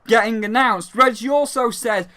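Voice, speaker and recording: A gaming YouTuber giving an excited, rambling recap of a games event, swearing freely. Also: medium pitch, moderate pace, slight background noise. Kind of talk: excited event recap while live on a call.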